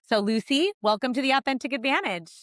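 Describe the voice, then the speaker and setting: A woman's voice: high voice, animated, fairly quick, a bit bright, no room sound, studio quality. A woman from the United States hosting a podcast, upbeat and enthusiastic as she introduces and chats with a guest. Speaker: podcast host. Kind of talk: scripted podcast intro then casual interview.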